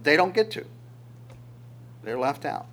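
A man's voice: on the high side, a little slow, vocal fry. A man preaching a sermon verse by verse, asking rhetorical questions and chuckling now and then. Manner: animated, voices God's words in quotes, asks rhetorical questions, chuckles. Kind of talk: sermon teaching through Psalms.

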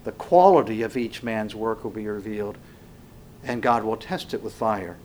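A man preaching a sermon slowly and emphatically, swinging between loud passages and hushed ones. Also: fairly low pitch, a little hiss or hum.

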